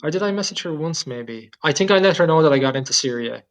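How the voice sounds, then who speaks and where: A man in his thirties with an Irish accent, a guest cyclist telling his travel story in a relaxed, rambling way, full of "like" and "just". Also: fairly high pitch, fast, poor audio. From Ireland. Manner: rambling, filler-heavy, with frequent "like" and "just". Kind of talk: casual storytelling interview.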